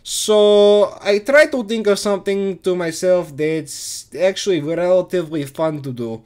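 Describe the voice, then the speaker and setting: A young man telling an absurd comedy story in a rambling, profane, deadpan way. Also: high voice, a little slow, smooth. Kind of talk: improvised absurd comedy monologue.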